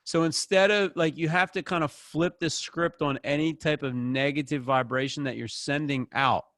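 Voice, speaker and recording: A man's voice: a little high, fairly even intonation, normal speed, a bit bright, dry recording, clean studio sound. A man leading a group session over a video call, talking in a casual, rambling, encouraging way.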